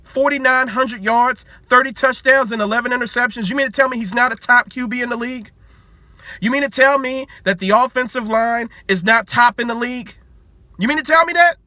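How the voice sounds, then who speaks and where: A man's voice: very high voice, steady tone, brisk, sharp tone, no room sound. A man in his twenties, a sports vlogger, ranting in heated commentary with repeated rhetorical questions and free swearing.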